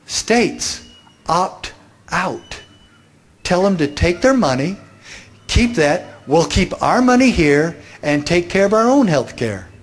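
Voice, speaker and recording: A man's voice: high-pitched, sing-song, slow. A man giving a political speech, making his points emphatically and asking rhetorical questions. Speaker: speaker.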